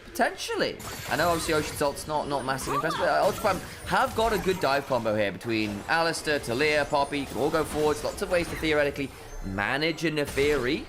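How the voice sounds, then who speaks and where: A man doing jokey, animated play-by-play commentary on an esports match. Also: on the high side, quick pace, background noise. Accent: put-on casting accent. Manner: animated, jokey, rising excitedly on big plays. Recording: game music behind the commentary.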